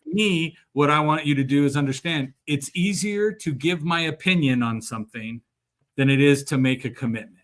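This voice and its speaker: A man hosts a live sales-training show, and his voice sits a little high for a man. He talks with energy and acts out the dialogue he quotes. He laughs often between points. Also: normal speed, fairly bright tone.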